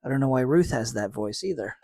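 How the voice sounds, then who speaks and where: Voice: mid-range voice, expressive, a little fast, gravelly, warm tone, dry recording, clean studio sound. A podcast co-host in casual recap chat, laying out fan theories in an analytical, hedging way.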